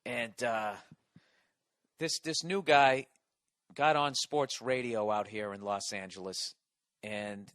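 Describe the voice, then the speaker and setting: A man's voice: lowish voice, fairly even intonation, slow, pauses often, fairly bright tone, dry recording. A man hosting a podcast, delivering an exasperated, profanity-laced comedic rant full of restarts. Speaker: podcast host. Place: Los Angeles.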